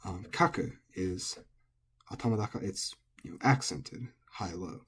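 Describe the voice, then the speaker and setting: Husky, low-voiced man teaching casually. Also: unhurried. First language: English. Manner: relaxed, thinking aloud with frequent ums and self-corrections. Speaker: language teacher. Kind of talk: casual recorded lesson.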